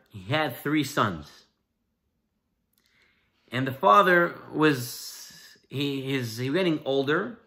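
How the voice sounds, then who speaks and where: Rabbi guy teaching a torah class, high bright voice, tells stories, gets loud then soft. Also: gravelly. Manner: animated, emphatic, shifts between loud and soft.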